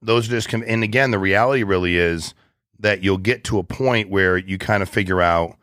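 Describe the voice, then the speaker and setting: A man in his forties with a very low voice, chatting in an interview. He rambles, restarts and speaks bluntly in casual slang. The sound is dry and close to the mic. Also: moderate pace, fairly bright tone, no room sound. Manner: rambling, blunt, drops into slang like "dude" and "ain't". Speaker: guest, business owner.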